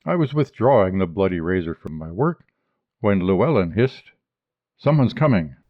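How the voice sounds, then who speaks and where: A man reading a short story aloud as an audiobook narrator, in a measured, even delivery. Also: low-pitched, no echo, phone-quality sound. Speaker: audiobook reader.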